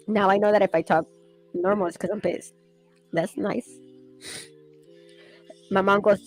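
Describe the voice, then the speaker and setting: Fast-talking woman, animated storyteller, casual chat, faint music under her. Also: mid-range voice, low-quality recording.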